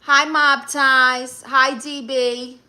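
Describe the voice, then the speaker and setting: A woman's voice: sits high, little pitch movement, drawn-out words, bright, forceful tone. A woman with a Brooklyn accent hosting a live stream, reading viewer comments aloud and answering them in a sassy, brash way. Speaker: livestream host.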